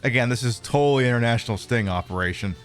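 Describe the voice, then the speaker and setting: A man streaming a video game, reading from it and making wry, deadpan asides. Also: medium pitch, fast, soft background music. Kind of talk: playing and commenting on a video game.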